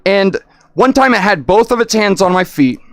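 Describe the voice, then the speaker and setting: A man chatting casually on a livestream, rambling and excitable, often restarting his sentences. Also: sits high, normal speed, no room sound.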